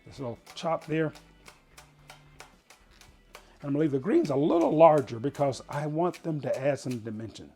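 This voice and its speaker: A man's voice: on the high side, sing-song, brisk, darkish tone, soft background music. A man hosting a casual home cooking show, chatting folksily as he explains each step in his kitchen.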